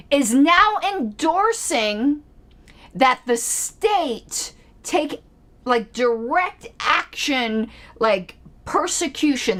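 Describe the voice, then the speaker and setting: A woman with a fairly high voice delivers political commentary in a video blog. Her pitch leaps all over the place as she pokes fun with sarcastic rhetorical questions. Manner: animated, with sudden pitch jumps.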